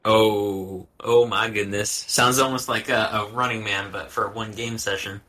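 A man's voice: fairly low pitch, fairly even intonation, measured pace, sharp tone. A man hosting a casual chat, asking questions and summing up the answers. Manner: asks questions, sums up answers. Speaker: podcast host.

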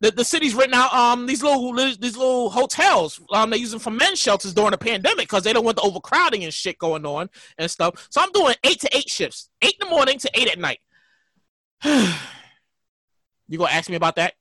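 A man hosting a casual podcast, profane and animated, telling stories and laughing often. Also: extremely high pitch, fairly quick, dry recording, clean studio sound. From New York. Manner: storytelling with loud mock reenactments. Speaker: podcast host.

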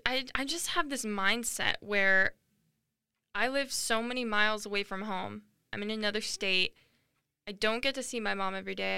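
A woman's voice: on the high side, sharp tone, smooth, no room sound, studio quality. A young woman in her late teens hosting a podcast, talking earnestly and emotionally in a rambling personal monologue with many fillers. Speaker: podcast host.

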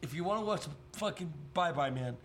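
Young guy ranting and cussing on a podcast, voice a bit high, faint hiss behind. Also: expressive, a little fast, a bit bright. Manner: profane, rambling, jokey storytelling. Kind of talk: casual chat.

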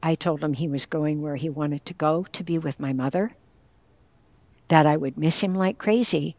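An older woman from northwestern Pennsylvania tells a personal story in an interview. Her voice sits fairly low and is heard close and dry, with no room sound. She talks earnestly and candidly. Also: normal speed, a little mellow, no room sound. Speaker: guest, caregiver and former teacher.

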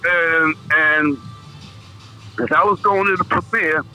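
A man guesting on a show, a loud and emphatic talker telling profane stories in a lively way. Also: a little high, takes it slowly, soft background music, rough recording. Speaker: guest artist. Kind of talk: animated storytelling.

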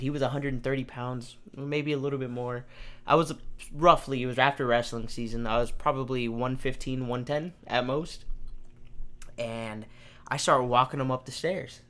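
A man's voice: medium pitch, a bit bright. A young man hosting a podcast, telling a story casually, acting out quotes and swearing freely. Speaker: podcast host.

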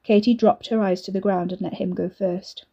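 A woman giving a steady, measured reading of a storybook. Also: medium pitch, creaky, husky, lo-fi sound. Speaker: narrator. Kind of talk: storybook narration.

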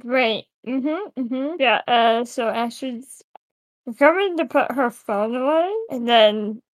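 A woman with a very high voice joking around as a player in a tabletop game. Her sound is dry and close. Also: slow, no echo. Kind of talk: casual tabletop play.

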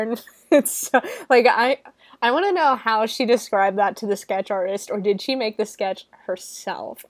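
A woman's voice: medium pitch, dry recording. A young woman casually recapping a horror movie in a chatty, giggly way, filling her talk with "like". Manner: chatty and giggly, heavy use of "like". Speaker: movie reviewer.

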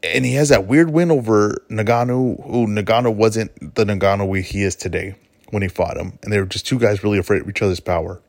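In a fairly low, brisk voice, this man of Mexican heritage holds forth alone on his podcast about fights. He's emphatic and full of opinions, frequently fixing his wording partway through sentences, and the recording has no room sound.

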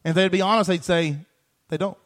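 A man preaching a sermon, reading scripture aloud, asking the congregation questions and building to shouted, repeated refrains. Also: sits high, fairly even intonation, fast. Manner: preaches with rising, shouted emphasis and repeated phrases.

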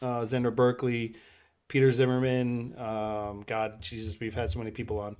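His voice is mid-range and darkish, with a level tone and normal speed, as this man hosts a laid-back podcast chat at a desk microphone. The talk has a casual live-stream feel, and he rambles and laughs often.

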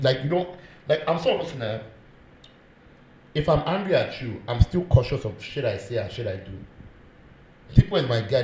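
A Nigerian man hosts a casual chat and tells animated stories in a mid-pitched voice. The room is echoey, and steady noise runs beneath him. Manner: animated storyteller who switches into Pidgin and Yoruba.

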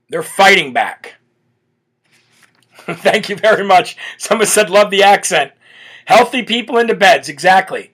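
A man's voice: sits high, moderate pace. A man hosting a live talk show, talking animatedly to his viewers and often laughing. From United States. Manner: animated, laughing, mock accents. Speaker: host.

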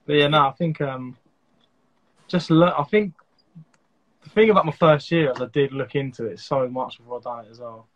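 A man's voice: fairly high pitch, normal speed, pauses often. A man speaking as a guest in a casual chat, modest and hesitant, with lots of fillers. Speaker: guest breeder. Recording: dull lo-fi sound.

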